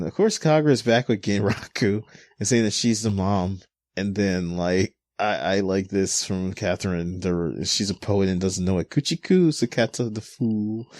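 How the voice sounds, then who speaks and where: Young male podcast host, low voice, lively recapper who does quick character voices; dry, close mic. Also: no room sound. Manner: animated, acts out characters' lines in quick voices. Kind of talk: casual podcast chat recapping manga.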